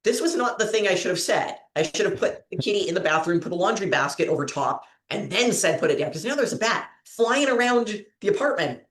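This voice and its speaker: This trivia show host talks a little fast with few pauses, her medium-pitched voice fairly bright and lively in intonation. She chats casually, rambles through stories, and giggles frequently, all in a recording with roomy echo.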